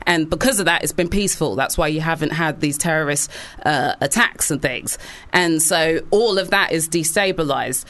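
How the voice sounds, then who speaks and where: Political commentator, earnest, animated, mid-pitched, restarts and fillers. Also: moderate pace. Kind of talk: casual political chat.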